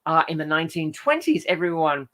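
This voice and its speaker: His voice runs high, very animated and fairly quick, with a pushed, bright quality. Hosting a live stream, he chats loosely and reads viewers' comments out. The talk rambles, full of fillers and frequent self-corrections.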